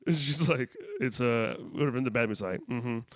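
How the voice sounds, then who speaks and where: A man's voice: mid-range voice, quick pace, no echo. A man chatting casually on a podcast, swearing freely and laughing through his story. His voice sits in a middle register. The sound is dry and close, with no room around it. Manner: loose, profane storytelling with laughs. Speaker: podcast co-host. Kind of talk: casual chat.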